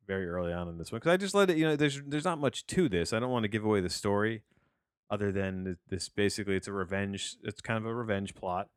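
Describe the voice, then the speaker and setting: A man with a very low, smooth voice reviews a film in a loose, rambling podcast manner, often restarting sentences and tossing in wry asides. The recording is close and dry.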